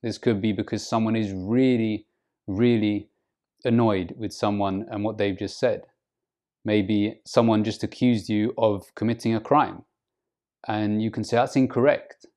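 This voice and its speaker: A man giving an English lesson to camera, speaking slowly and deliberately and acting out example phrases with exaggerated rises and falls in pitch. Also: flat delivery, darkish tone. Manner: slow, deliberate teaching, models phrases with exaggerated intonation. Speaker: English teacher.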